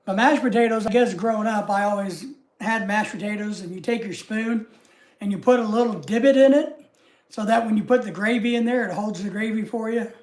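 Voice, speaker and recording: A woman with a Southern US accent chats on her own livestream in a loose, rambling way. Her talk wanders from one aside to the next, homey and relaxed. Her voice sits at an ordinary middle pitch. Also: brisk. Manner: rambling and homey, chatting easily with frequent asides. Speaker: livestream host. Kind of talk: casual livestream chat with viewers.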